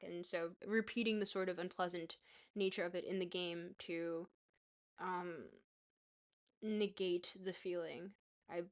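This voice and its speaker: Woman streamer reading in a mock-British accent. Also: on the low side. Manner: reads in a playful put-on mock-British accent; casual, chatty and self-teasing between passages. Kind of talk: livestream reading aloud and chatting with viewers.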